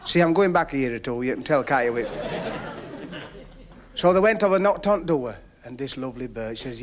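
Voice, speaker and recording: A man's voice: mid-range voice, animated, moderate pace, pauses often, some chatter behind. A man telling a long stand-up story, chatty, with confiding asides, on a 1970s television recording. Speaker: stand-up comedian.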